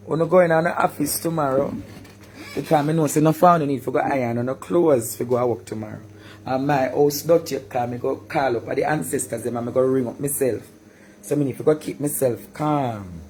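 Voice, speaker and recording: A man with a Jamaican accent ranting in a live-stream monologue, breaking into shouts and sing-song cries. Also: medium pitch, normal speed, a little hiss or hum.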